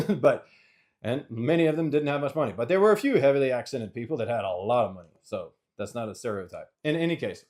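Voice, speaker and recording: A middle-aged man speaking off the cuff as a channel host, earnest and a little preachy, citing scripture while giving money advice. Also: lowish voice. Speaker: investment CEO and channel host. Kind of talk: unscripted motivational monologue.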